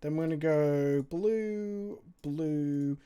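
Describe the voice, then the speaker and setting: Into a desk microphone, a man streams his card game live, excitedly swearing and reasoning aloud. His smooth, somewhat high voice draws out its words.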